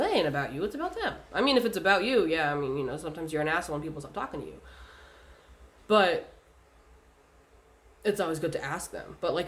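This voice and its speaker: Spiritual vlogger talking straight at you, cussing a lot, mid-pitched voice, loose chatty flow. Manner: conversational and blunt, with frequent swearing and fillers. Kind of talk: casual spiritual advice monologue.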